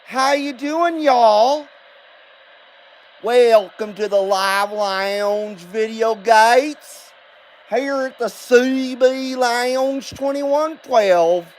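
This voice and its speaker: Brief: a man putting on a hammy Southern good ol' boy, slow and high. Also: slight background noise, exaggerated voice. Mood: folksy, hammy. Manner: slow, hammed-up drawl with hollers. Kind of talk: livestream radio banter.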